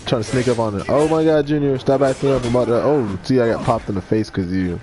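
A man's voice: mid-range voice, quick pace. A man giving playful let's play commentary, joking and talking to his pets while he games. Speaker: game streamer.

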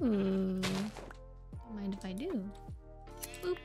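Lively high-voiced woman gaming. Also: measured pace, over music. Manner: chatty and playful, often laughing and gasping. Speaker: let's play host. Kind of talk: casual gameplay commentary.

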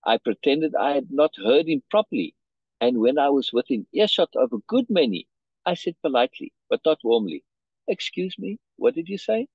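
Man reading and explaining a story, husky voice, dry muffled call audio, keeps asking "right?". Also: mid-range voice, lively intonation, brisk, no echo. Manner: checks in often with "right?"; restarts and repeats words. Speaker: teacher reading a story aloud. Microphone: video call.

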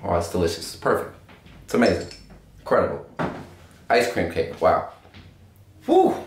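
A man's voice: low-pitched, wildly swooping pitch, moderate pace. Brash swearing man in an echoey room. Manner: brash, joking, swears a lot. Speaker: cannabis strain reviewer. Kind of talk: casual profane review chat. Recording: echoey room with faint noise.

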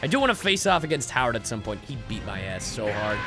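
A young man giving excited gameplay commentary, yelling and trash-talking his opponent as he plays a fighting game. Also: medium pitch, fast talker, soft background music. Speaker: gaming YouTuber playing a fighting game.

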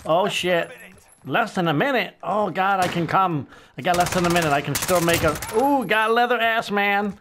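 A man's voice: sits high, normal speed, background noise. Crude joking gamer guy over gunfire. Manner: mock-friendly taunting, crude jokes, exclaiming at surprises. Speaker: gamer streamer. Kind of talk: crude joking gameplay commentary. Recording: gameplay audio with gunfire behind. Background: game gunfire and explosions.

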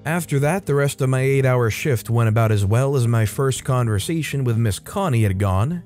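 A man's voice: mid-range voice, expressive, moderate pace, a little mellow. A man narrating a first-person story in a wry, exasperated storytelling manner. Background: faint background music.

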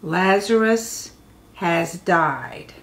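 A woman reading the part of a calm, kind male teacher in a children's story, speaking slowly and reassuringly. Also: lowish voice, voice pushed down, heavily acted. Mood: gentle.

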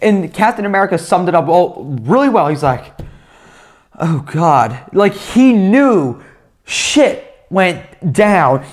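Excitable young man reviewing a movie. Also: high-pitched, slow. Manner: excited, rambling, swearing, many fillers. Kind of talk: casual spoken review.

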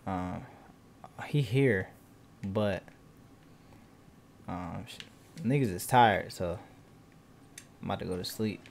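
A young man hosting a gaming channel, giving casual let's-play commentary in loose slang with bursts of loud excited shouting. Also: low-pitched, takes it slowly, creaky, pauses often, a little hiss or hum.

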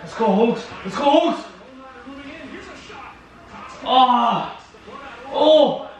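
A man reacting live to a hockey game, shouting, cheering and swearing. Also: sits high, animated, unhurried, echoey room.

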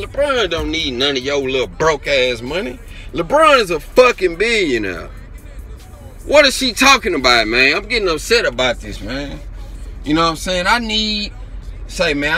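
A man's voice: fairly high pitch, pushed and bright. A man vlogger giving an angry, profane commentary rant, tagging his sentences with "man" and "you know what I'm saying".

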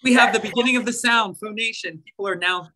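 A woman's voice: mid-range voice, fast talker, bright, forceful tone, a little hiss or hum. A woman co-hosting an online voice class, chatting casually and relaying the chat. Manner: chatty, laughs at herself, reads out the chat.

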